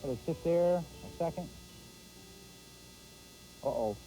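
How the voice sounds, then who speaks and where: A man hosting a fishing show, giving folksy live commentary from a boat on a pond and exclaiming loudly. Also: fairly high pitch, slow pace, faint music behind, low-quality recording.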